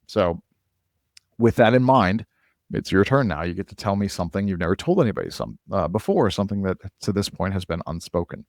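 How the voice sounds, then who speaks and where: A man's voice: deep voice, lively intonation, brisk, no room sound, studio quality. A man from Minnesota hosting a podcast in casual interview chat, rambling and restarting sentences. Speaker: podcast host.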